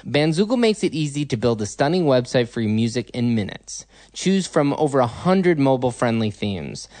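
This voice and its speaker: A man hosting a podcast, reading an ad spot and interviewing a guest in an expressive, lively way. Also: medium pitch, no echo. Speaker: podcast host.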